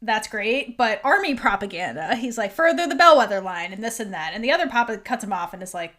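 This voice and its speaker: A woman's voice: a little high, sing-song, brisk, fairly bright tone. A woman podcast host recapping a TV episode in a chatty way, full of "like" and half-acted lines from the characters.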